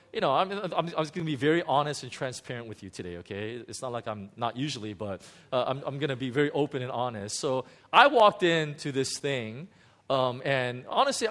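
In this sermon testimony, a male pastor pokes fun at himself while recounting an honest episode from his marriage. His voice sits in the mid-range with a touch of brightness, and he restarts often and leans on fillers.

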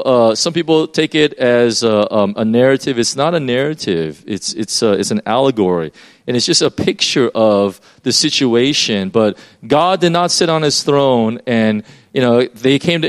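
Conversational man preaching a sermon. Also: mid-range voice. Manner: conversational, explaining with many fillers and restarts.

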